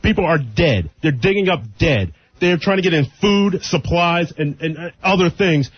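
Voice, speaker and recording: A man's voice: fairly high pitch, lively intonation, moderate pace, husky, no room sound. A man arguing defensively on a radio talk show, exasperated. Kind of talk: heated on-air argument. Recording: dull lo-fi radio broadcast.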